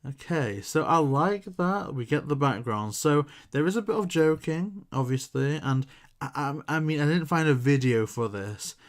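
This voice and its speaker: A man's voice: on the high side, expressive, normal speed. A man hosting a channel, talking through a news story in casual commentary, thinking aloud with hedges and restarts. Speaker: YouTube commentary host.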